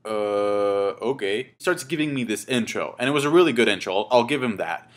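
A man's voice: medium pitch, animated, fast. A man in his twenties telling a casual story to camera, rambling and swearing, with many fillers and restarts. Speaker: vlogger.

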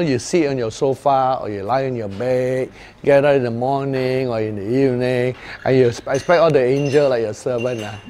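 A man preaching informally to a small prayer group, telling stories with frequent chuckles. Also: mid-range voice. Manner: chuckles often, lively storytelling. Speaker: preacher leading a prayer meeting.

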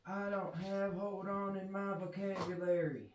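A man's voice: sits high, little pitch movement, measured pace, roomy sound, recorded from a distance, pitched above the performer's own voice. A man voicing his pet raccoon as a sassy, indignant little guy who complains about everything. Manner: exasperated, complaining.

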